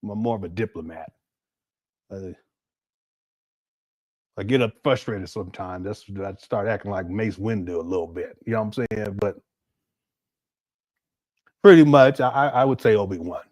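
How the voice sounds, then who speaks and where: A man's voice: lowish voice, normal speed, long pauses, a little mellow, no echo, clean studio sound. A man hosting a casual livestream, laughing often and reading out viewer messages. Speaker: livestream host.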